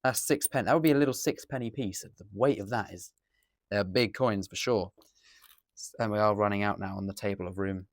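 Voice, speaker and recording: Fairly low-pitched and fairly quick, an English coin dealer gives casual commentary while unboxing at a table indoors. He rambles and corrects himself, and the recording is dry.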